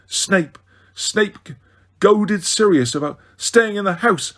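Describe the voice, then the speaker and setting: A man voicing a grieving, furious teenage boy wizard in an audiobook, snarling and yelling his accusations. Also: sits high, slow pace, pitched above the performer's own voice, heavily acted. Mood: angry. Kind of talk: audiobook character reading.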